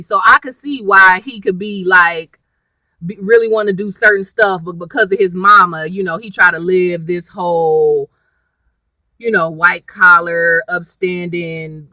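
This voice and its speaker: A woman's voice: fairly low pitch, moderate pace, sharp tone, no room sound, rough recording. A woman chatting through a TV episode recap, rambling and wandering off on tangents while talking to her viewers. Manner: addresses viewers as "y'all". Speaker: TV episode reviewer.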